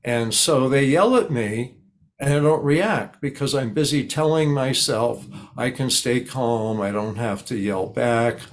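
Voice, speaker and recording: Older male expert guest, calm and explanatory, slips into sample dialogue. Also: mid-range voice, unhurried. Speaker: guest expert on high-conflict people. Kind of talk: conversational interview.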